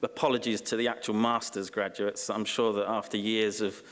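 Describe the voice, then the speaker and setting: A man delivers a dry, self-deprecating graduation speech, full of halting ums and deadpan asides. His voice sits on the low side. It rings out with a long echo through a large ceremony hall. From Essex, England. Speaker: honorary graduate giving an acceptance speech.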